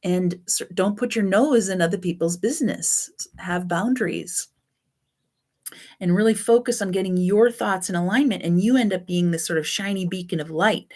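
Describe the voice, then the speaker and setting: A woman's voice: medium pitch, moderate pace, darkish tone. A woman teaching a self-help class on codependency in a loose, chatty way, often correcting herself. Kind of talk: spoken self-help lesson.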